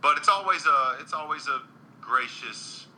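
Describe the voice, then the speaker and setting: A man's voice: on the high side, normal speed, sharp tone, low-quality recording. A man, a country singer, chatting earnestly in an interview with frequent restarts and ums. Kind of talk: casual interview chat.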